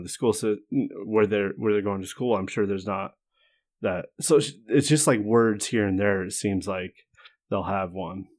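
A young man from the United States, co-hosting a podcast in casual chat with a dry, joking manner. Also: fairly low pitch. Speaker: podcast co-host.

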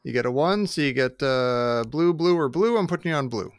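A man's voice: medium pitch, expressive, a little fast, clear, resonant tone, dry recording. A man who co-hosts a podcast, running a board trivia game with casual, joking narration. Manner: joking, plays along as Luke.

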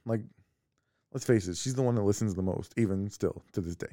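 A man co-hosting a podcast from home, telling personal family stories in a casual, animated way. He laughs often and acts out the voices of the people in his stories. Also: fairly low pitch, brisk, no room sound, clean studio sound. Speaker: podcast co-host.

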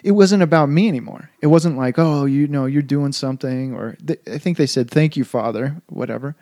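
A man's voice: medium pitch, fairly quick, dark tone, no room sound, clean studio sound. A man, a Catholic priest, telling stories in an earnest, reflective casual conversation.

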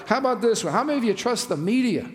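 A man's voice: very high-pitched, animated, fast. A middle-aged male pastor preaching a sermon to his congregation in a conversational, joking way, often asking the room questions. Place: church sanctuary with congregation. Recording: long hall reverb.

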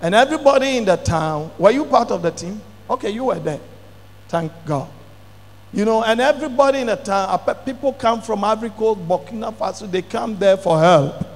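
A middle-aged male pastor, telling a testimony in a sermon with dramatic bursts of shouting. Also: high voice, animated, fairly quick. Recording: long hall reverb.

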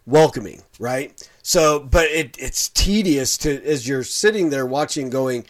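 A man's voice: mid-range voice, unhurried. Rambling middle-aged male commentator. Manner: rambling, full of fillers and restarts. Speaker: online commentator on preachers. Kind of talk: casual video commentary.

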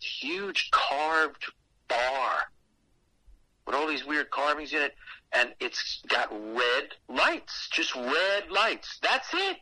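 A man's voice: medium pitch, sharp tone, no room sound, rough recording. A man telling a story casually and animatedly, with lots of swearing.

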